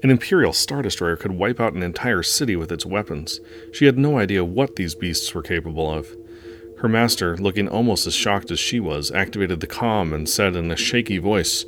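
A man reading a story aloud in an earnest, steady narrating manner. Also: low voice, moderate pace, a little hiss or hum.

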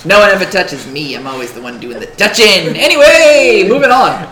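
Laughing game master, very animated pitch. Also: a little slow. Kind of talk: narrating a tabletop game. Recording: echoey room with chatter.

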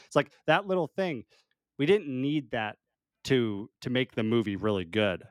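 A man's voice: mid-range voice, dry recording, studio quality. A man co-hosting a podcast in casual chat, amused and talkative. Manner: chatty, amused, quick to laugh. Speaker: podcast co-host.

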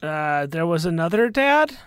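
Male player, high voice, skeptical and jokey. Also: big pitch swings, unhurried, fairly bright tone, smooth. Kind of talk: in-character tabletop play.

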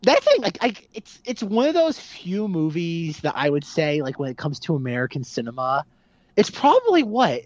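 A man's voice: on the high side, huge pitch swings, moderate pace, muffled recording. A man co-hosting a casual movie podcast, talking animatedly and acting out quoted lines. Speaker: podcast co-host.

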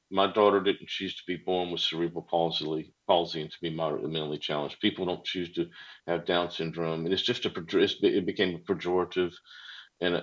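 A man's voice: deep voice, dull audio. A man on a podcast, explaining things in an earnest, careful way during casual chat.

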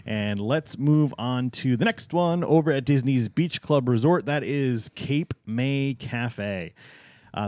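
A man's voice: mid-range voice, no room sound, studio quality. A man with a New England accent co-hosting a casual chat, joking and laughing often. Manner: jokey, laughs often, playful deadpan bits. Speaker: co-host.

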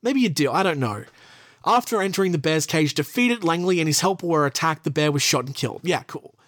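A man's voice: a little high, lively intonation, a little fast, a bit bright, dry recording, studio quality. A young man hosting a podcast, reading from a list and breaking off into profane, sarcastic asides. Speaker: podcast host. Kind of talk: casual commentary reading from a list.

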